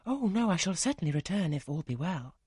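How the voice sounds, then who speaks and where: A man's voice: high-pitched, very animated, breathy edge, no room sound, studio quality, voice pushed up, full character voice. A man reading as a reserved young governess. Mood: polite. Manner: polite, measured, soft-spoken. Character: young woman governess, reserved, quietly firm. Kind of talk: audiobook character reading.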